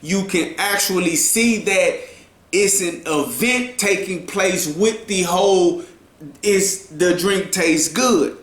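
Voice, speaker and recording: A man's voice: high voice, a bit bright, roomy sound. A man giving a casual writing lesson, repeating himself and often checking in with "right?". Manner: slow, repetitive, checks in with "right?". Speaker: writing coach.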